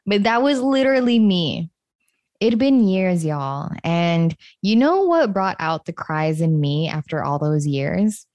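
A woman hosting her own podcast, speaking in a reflective, unhurried way with gentle stresses. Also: on the low side, lively intonation, no echo. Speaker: podcast host. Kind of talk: solo podcast monologue.

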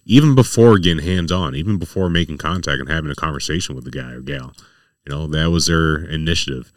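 A man's voice: very deep voice, fast talker, no echo, clean studio sound, distant mic. A man, a paramedic, telling work stories in casual talk and acting out what others said. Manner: animated, acts out other people's quotes. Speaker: paramedic guest. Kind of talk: casual storytelling in a podcast chat.

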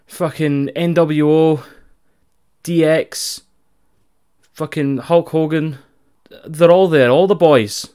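As a podcast co-host, a Scottish-accented man recaps a wrestling show in casual, profane, animated chat. His voice is on the high side.

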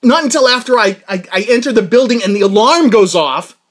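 A man hosting his own podcast, telling a story in a casual chat, excitable and swinging from loud laughing outbursts to low mutters. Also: brisk. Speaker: podcast host. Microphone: podcast mic.

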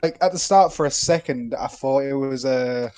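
A man's voice: mid-range voice, normal speed, a little mellow, smooth. A young man co-hosting a film podcast, bantering and teasing his friend in dry casual talk. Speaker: podcast co-host. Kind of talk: casual chat.

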